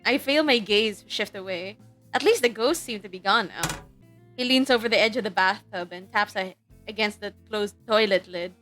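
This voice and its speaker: A woman's voice: mid-range voice, normal speed, fairly bright tone, faint music behind. A woman streamer reading a visual novel aloud in a dramatic, earnest way. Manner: earnest, self-conscious, giggly asides.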